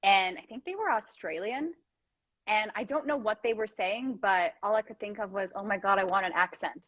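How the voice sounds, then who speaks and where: A young woman hosting a casual chat, animated and jokey, often laughing. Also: mid-range voice, normal speed, no echo, rough recording. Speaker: host.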